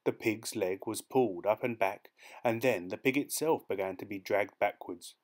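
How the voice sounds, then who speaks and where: A man reading a dark short story aloud as an audiobook narrator, in a measured, steady storytelling manner. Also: on the low side. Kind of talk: scripted narration.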